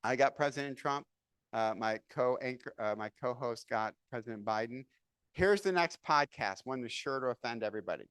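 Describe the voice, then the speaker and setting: A man's voice: mid-range voice, moderate pace, clean tone, no room sound. A middle-aged man giving a seminar lecture, telling stories and asking rhetorical questions as he goes. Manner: animated storyteller, asks rhetorical questions. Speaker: seminar speaker.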